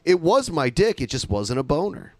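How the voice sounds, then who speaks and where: Lively, bouncy male podcast host, voice rising and falling with every joke. He tells crude stories in casual, animated banter. His voice is a touch higher than most men's and sounds close and dry. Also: normal speed, dry recording.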